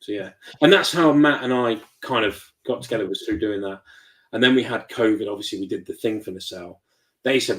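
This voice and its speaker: A man's voice: on the low side, brisk, rough recording. A man, a toy shop owner, chatting as an interview guest and acting out quoted dialogue as he tells stories. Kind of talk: casual interview chat.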